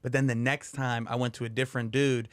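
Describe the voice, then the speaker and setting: A man's voice: medium pitch, little pitch movement, brisk, no echo. A man co-hosting a podcast in casual chat, stammering and self-conscious as he tells his stories. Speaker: podcast co-host.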